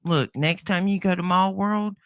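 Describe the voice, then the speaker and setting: A woman's voice: lowish voice, moderate pace. Folksy Southern woman co-host. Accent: Southern American. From American South. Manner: folksy, playful, says y'all a lot. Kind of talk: casual chat.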